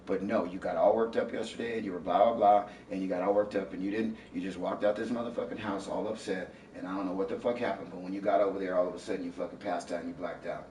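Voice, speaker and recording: A deep-voiced man scolding his partner in a heated argument at home, circling back over the same points, swearing and rising to shouts. He is heard from well across the room, and the room rings with echo. A faint hiss runs underneath. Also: fairly even intonation, quick pace, recorded from a distance. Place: inside a house.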